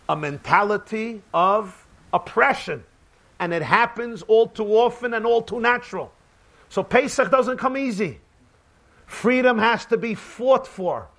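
A rabbi, preaching emphatically in a repetitive cadence and mixing in Hebrew and terms. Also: male voice, high-pitched, fairly bright tone. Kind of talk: sermon with jokes.

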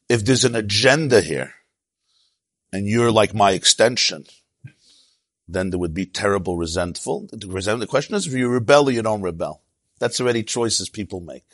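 A man giving a sermon as a rabbi, telling an animated story with quoted voices and Yiddish and Hebrew terms mixed in. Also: on the low side, no room sound. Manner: animated, tells stories with quoted voices and asides.

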